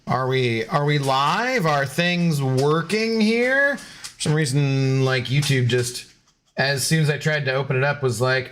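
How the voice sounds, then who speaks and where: A man's voice: medium pitch, big pitch swings, unhurried, a bit bright, a little hiss or hum. A man chatting casually on a live game stream, scattered and talkative as he sorts out technical issues. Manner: chatty and scattered, baby-talking to his dog.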